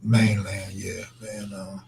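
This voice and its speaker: A man's voice: deep voice, level tone, slow pace, a little mellow, slight background noise. A man chatting loosely on a late-night live stream, answering viewers in slangy, laid-back talk that trails into mumbles.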